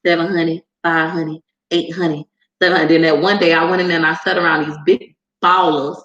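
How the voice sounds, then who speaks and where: A woman vlogger telling stories in a casual, animated, slangy way, laughing often. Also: low voice, brisk, muffled recording. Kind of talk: casual chat. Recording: echoey room.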